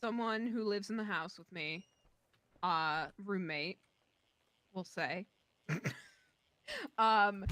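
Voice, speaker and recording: A woman's voice: lowish voice, fairly bright tone. A woman on a voice call telling a rambling story from home, full of fillers and asides. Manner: rambling, many fillers and likes. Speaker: friend on voice chat. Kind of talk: casual storytelling.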